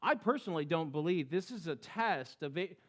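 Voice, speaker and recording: A man's voice: a little high, expressive, a little fast, fairly bright tone. A man preaching a sermon as pastor, telling stories and rising and falling in tone for emphasis.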